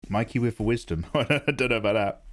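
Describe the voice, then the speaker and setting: A man's voice: lowish voice, fairly quick, a bit bright. A man streaming his drawing live, chatting casually and self-deprecatingly while he explains his choices. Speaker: art streamer.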